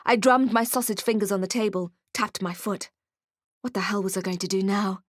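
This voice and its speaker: A woman reading an audiobook in first person with wry, expressive storytelling. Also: medium pitch, fairly quick, no echo, studio quality. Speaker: audiobook narrator. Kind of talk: scripted first-person narration.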